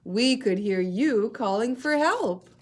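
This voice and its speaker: A woman voicing a kind grown-up mother polar bear in a storybook reading, calm and reassuring. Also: a little high, takes it slowly, pitched above the performer's own voice.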